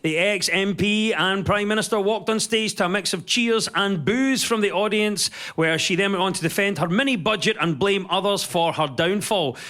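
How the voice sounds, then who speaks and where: A man hosting a comedy news quiz, reading headlines briskly and landing punchlines. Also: high voice, a bit bright. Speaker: quiz show host. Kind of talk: scripted comic quiz hosting.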